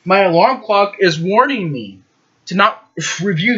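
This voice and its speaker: A man with a bright, forceful voice talks through a movie plot in a casual, rambling way. He leans on emphatic words and frequent fillers, and his voice sits fairly high. The recording is dull and lo-fi. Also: big pitch swings, measured pace, breathy edge. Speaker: movie reviewer. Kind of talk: casual spoken movie review.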